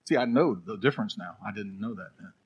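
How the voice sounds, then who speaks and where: A man preaching a sermon as pastor, telling a story, then swinging between loud urging and a hushed, prayerful hush. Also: lowish voice, fast talker, husky, lo-fi sound.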